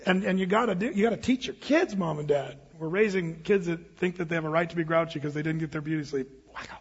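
Pastor, male, chatty and emphatic sermon delivery; husky high voice, long church reverb. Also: fast talker, highs cut off. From United States. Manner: conversational, emphatic, with quoted asides. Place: church sanctuary.

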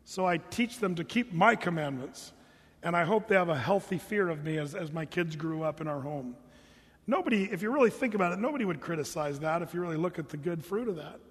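A man preaching a sermon as pastor, animated and jokey, putting on mock voices to make his points. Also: on the high side, fairly quick, husky, long reverb tail.

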